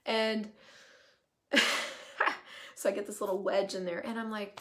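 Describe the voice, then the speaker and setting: A woman who works as a host and coaching facilitator runs a casual live stream, speaking at normal speed in the middle of her usual pitch range. She's animated, pauses often, swears now and then, and drifts into asides.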